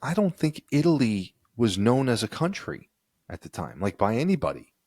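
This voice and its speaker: A man's voice: mid-range voice, wildly swooping pitch, moderate pace, darkish tone, slightly rough, no room sound, clean studio sound. A man co-hosting a podcast from the United States, thinking aloud in a rambling casual chat with frequent restarts. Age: adult, a parent. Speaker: podcast co-host.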